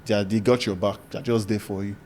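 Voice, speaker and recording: A man with a Nigerian Benin accent, a podcast guest telling lively stories in casual chat and slipping into Pidgin. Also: on the low side, fast talker, a little hiss or hum. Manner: animated storyteller, slips into Pidgin.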